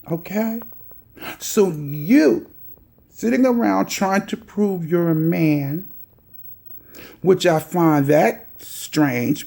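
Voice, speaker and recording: Sassy woman vlogger scolding someone, slow talker, dark gravelly voice. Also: lowish voice. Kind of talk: calling out another vlogger.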